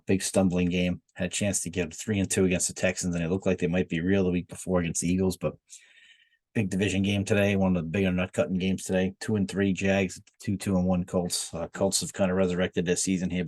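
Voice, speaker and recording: Low-voiced man ranting about football. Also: darkish tone, no room sound. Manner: profane, frequent filler uhs. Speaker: football commentator. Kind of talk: blunt opinion rant. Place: Miami.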